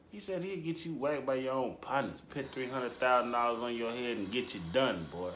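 A man giving casual reaction commentary, drawling and repeating himself, his voice jumping high for emphasis. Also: brisk, hardly any pauses, echoey room, slight background noise. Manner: animated, drawling, repetitive, voice jumps high for emphasis. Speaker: commentary host.

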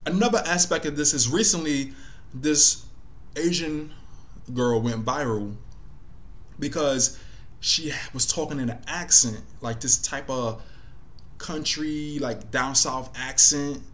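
A man's voice: a little high, takes it slowly, a bit bright, a little hiss or hum. A man hosting a casual commentary video, talking loosely and thinking aloud with lots of fillers. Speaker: commentary host.

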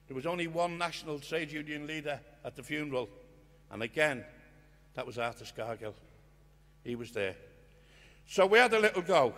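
An older man giving an impassioned storytelling speech at a union conference, earnest and swinging from hushed to loud. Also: on the high side. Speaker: guest speaker at a union conference. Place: conference hall. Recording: long reverb of a conference hall.

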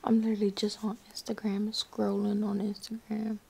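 A woman's voice: mid-range voice, completely flat delivery, moderate pace, gravelly, darkish tone, breathy edge. A young woman in pain after surgery, whispering a late-night vlog into her phone in her living room, weary, sighing and out of breath. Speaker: vlogger.

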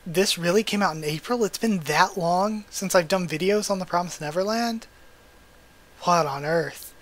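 A man's voice: high-pitched, normal speed, poor audio. A man hosting a manga readthrough, reading the dialogue aloud and breaking off for emotional, chatty asides.

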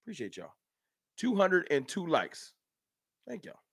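High-pitched, fired-up fan show host. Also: male voice, huge pitch swings, measured pace, vocal fry, husky, no echo, studio quality. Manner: heated, rhetorical, talks straight to chat. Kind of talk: animated live-stream sports rant.

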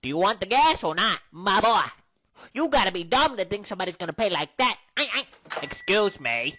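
A woman acting out short comedy sketches, slangy and brash, bossing the other characters around. Her voice is bright and swings widely in pitch, with a faint hiss in the background. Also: sing-song, fairly quick. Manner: slangy, brash, playfully bossy. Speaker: sketch comedian playing several parts.

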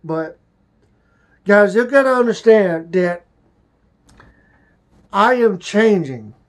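A man talking to camera in a personal confessional vlog, halting and emotional, often restarting his sentences. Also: high-pitched, lively intonation. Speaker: vlogger.

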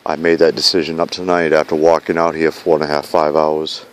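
Speaking a little fast in a rumbling low, level voice, a man addresses his fiancée in a video filmed outdoors at night in a snowy park. He is earnest and pleading, returning again and again to vow-like lines.

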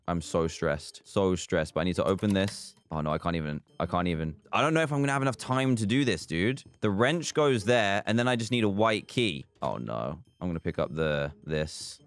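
Animated young man commentating a game. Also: low-pitched, brisk, soft background music. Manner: animated, stressed muttering to himself, yelps and cheers. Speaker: gaming video host. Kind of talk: excited gameplay commentary.

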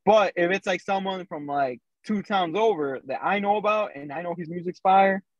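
A man's voice: high-pitched, normal speed, no echo. Man rambling on a dull remote call. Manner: loose storytelling with many fillers. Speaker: podcast co-host. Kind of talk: casual chat.

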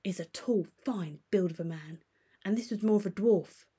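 A frightened old manservant, loyal to his master, pressing his case with urgent insistence in a storybook reading, as a woman reader puts him on. He speaks a little higher and louder than the narration around him. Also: moderate pace, husky. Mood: insistent.

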